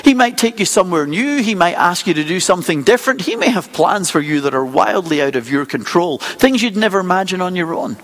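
Storytelling male pastor with a lively delivery. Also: high voice, brisk, hardly any pauses, big-room sound. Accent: non-local accent. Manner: storytelling, lively and conversational, acts out small scenes. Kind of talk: sermon.

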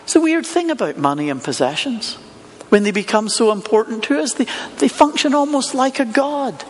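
A man's voice: very high-pitched, animated, moderate pace, a little hiss or hum. A man preaching a sermon, telling a Bible story with rhetorical questions. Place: church hall with congregation and online viewers. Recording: long hall reverb.

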